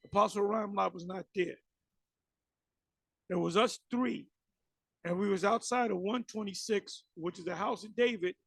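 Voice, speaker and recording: A man giving ranting religious commentary on clips, animated and mocking, with many fillers. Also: sits high, normal speed, gravelly, pauses often, no room sound, rough recording.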